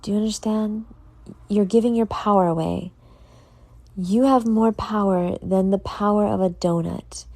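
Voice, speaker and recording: A woman's voice: medium pitch, fairly even intonation, a little slow, warm tone, no room sound. A tired, yawning woman hosting a casual solo podcast, earnestly motivating her listeners and speaking to them directly. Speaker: podcast host.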